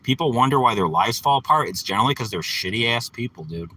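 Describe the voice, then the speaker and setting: A man's voice: medium pitch, lively intonation, fast talker, pushed and bright, breathy edge, rough recording. A man ranting angrily and profanely into his phone while sitting in his parked car. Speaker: vlogger.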